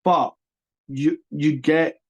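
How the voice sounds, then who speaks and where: A man co-hosting a podcast, chatting about sport in an animated, emphatic way with quick restarts. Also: a little high, slightly rough, lo-fi sound. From Scotland. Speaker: podcast co-host. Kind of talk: casual sports chat.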